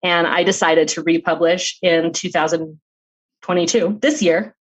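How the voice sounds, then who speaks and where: A woman's voice: lowish voice, steady tone, measured pace, poor audio. A middle-aged woman, an author guest on a podcast interview, telling her personal story in an earnest, open way with light laughs.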